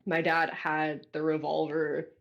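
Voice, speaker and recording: Animated storyteller from California on dull lo-fi audio. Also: medium pitch, measured pace, vocal fry. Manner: animated, laughing, self-deprecating. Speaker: guest author. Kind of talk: casual interview storytelling.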